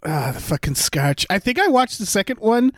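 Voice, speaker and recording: Man, high pitch, casual movie review chat, profane rambling, dry close sound. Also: moderate pace, no echo. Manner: profane, rambling, animated griping. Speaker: podcast co-host.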